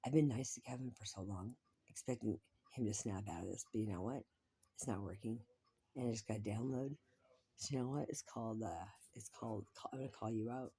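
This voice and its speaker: Low husky woman rambling to camera. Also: a little fast, mellow. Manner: repetitive, swears freely, drops into whispers. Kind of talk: rambling personal monologue.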